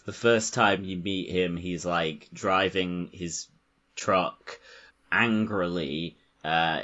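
A man's voice: low-pitched, pushed and bright, dull audio. A man co-hosting a podcast, chatting casually about a film, rambling, swearing and laughing often. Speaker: podcast co-host.

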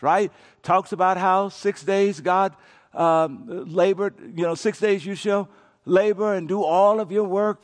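A male pastor preaching a sermon with call-and-response, building up to shouting. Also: high-pitched. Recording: long reverb of a large hall.

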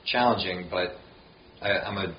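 A young man telling a relaxed, casual story as a podcast guest, swearing now and then. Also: low-pitched, normal speed. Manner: laid-back, swears casually. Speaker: podcast guest, thru hiker. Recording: dull lo-fi sound with faint hiss.

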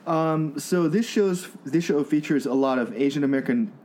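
A man co-hosting a podcast in casual chat, speaking thoughtfully and haltingly with fillers. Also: on the high side, darkish tone. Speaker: podcast co-host.

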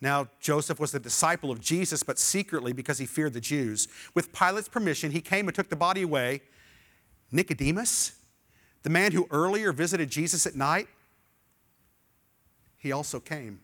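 A middle-aged male pastor preaching a sermon, animated and leading the congregation in call-and-response. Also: a little high, normal speed.

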